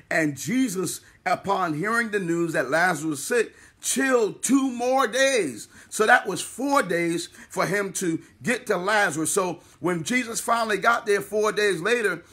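A male pastor delivers a sermon in a bright, somewhat husky voice, pitched a little above the usual for a man. He preaches with repeated refrains and calls on the listener to answer, with a light lilt.

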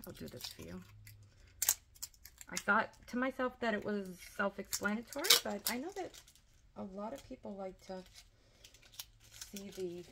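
A woman's voice: mid-range voice, lively intonation, normal speed, creaky, pauses often, heavy background noise. A woman chatting casually through a sticker haul unboxing, gushing and talkative, with frequent "like" and "oh". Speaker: planner and sticker vlogger.

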